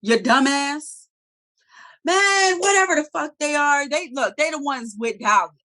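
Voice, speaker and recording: A woman co-hosting a review show in casual chat, talking in an animated, profane way and acting out characters' lines. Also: high-pitched, normal speed. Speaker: TV review podcast co-host.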